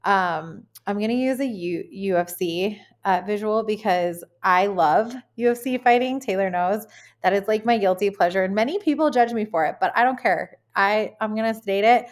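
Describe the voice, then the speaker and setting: Woman, 30s, podcast co-host; frank, animated, casual talk with swearing. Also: mid-range voice, normal speed. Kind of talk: candid casual chat.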